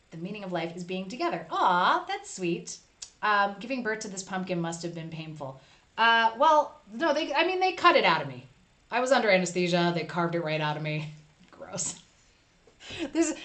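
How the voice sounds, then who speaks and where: A woman's voice: mid-range voice, a bit bright. Chatty woman hosting a live stream. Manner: chatty, reads chat aloud, playful asides. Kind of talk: casual live stream chat.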